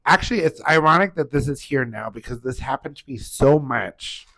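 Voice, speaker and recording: A man's voice: medium pitch, moderate pace, gravelly. A man co-hosting a podcast in casual chat, telling stories with lots of laughter and acted-out quotes. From United States. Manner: animated storyteller, acts out quoted voices, laughs often. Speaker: podcast co-host.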